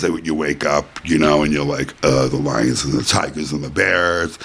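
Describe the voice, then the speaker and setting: A man's voice: sits low, vocal fry, a bit bright, breathy edge. A middle-aged man hosting a casual home podcast, rambling and chatty, full of "basically" and "you know". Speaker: podcast host. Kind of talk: casual chat. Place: white-furnished room at home.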